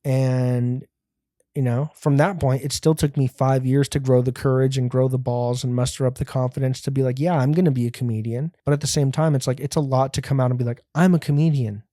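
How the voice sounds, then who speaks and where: A male comedian riffs through a casual solo rant, profane and self-mocking as he wanders between stories. His tone is mellow and dark, and the recording is close and dry. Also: medium pitch, level tone, brisk, no room sound. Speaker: comedian and podcast host.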